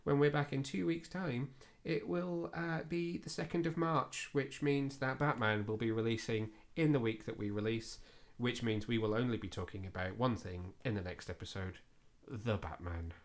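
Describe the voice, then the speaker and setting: At a normal speed and with hardly any pauses, a man with a steady, medium-pitched voice hosts a laid-back podcast. He chats his way through a film review, peppering it with fillers and self-deprecating remarks.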